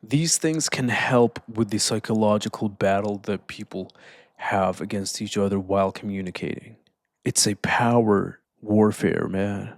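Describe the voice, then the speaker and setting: A man giving a casual motivational talk, calm and deliberate, slowing down to stress points and often saying "man". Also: on the low side, no echo, studio quality. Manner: calm, deliberate, slows down for emphasis. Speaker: self-improvement speaker.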